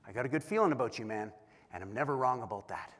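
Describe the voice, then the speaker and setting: A man doing a calm, reassuring veteran comedian. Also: medium pitch, fast. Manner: easygoing, reassuring. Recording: long hall reverb.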